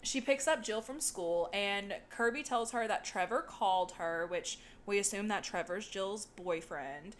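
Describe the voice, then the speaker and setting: A young American woman co-hosting a podcast, talking through a movie recap in loose, chatty fashion. Her pitch sits in an ordinary middle range, and she laughs and curses freely as she goes. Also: unhurried, hardly any pauses, slight background noise. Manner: chatty, laughs often, swears casually. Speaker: podcast co-host. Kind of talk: casual chat recapping a movie.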